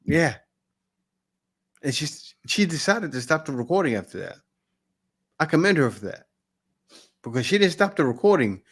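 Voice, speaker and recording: A man's voice: on the high side, big pitch swings, normal speed, pauses often, fairly bright tone, breathy edge. A man hosting a reaction video, giving blunt, dismissive casual commentary on clips he plays.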